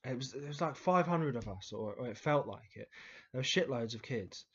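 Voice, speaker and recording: A man's voice: medium pitch, lively intonation, normal speed, fairly bright tone, slightly rough, lo-fi sound. A man telling childhood stories to camera in a casual, rambling way, with frequent restarts, fillers and the odd swear word. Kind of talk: casual storytelling monologue.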